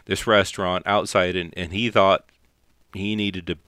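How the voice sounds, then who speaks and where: A man co-hosting a podcast, talking about faith in an unhurried, thoughtful way and often restarting his phrases. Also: low voice, steady tone, bright, forceful tone, smooth, dry recording, clean studio sound. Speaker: podcast co-host. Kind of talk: casual faith discussion.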